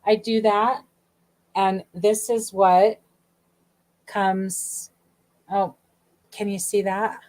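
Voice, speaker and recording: Casting note: middle-aged female host, chatty storyteller, mid pitch, lots of quoted back-and-forth. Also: very slow, long pauses. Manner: chatty, animated, many asides and quoted dialogue. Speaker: podcast host. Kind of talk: casual storytelling.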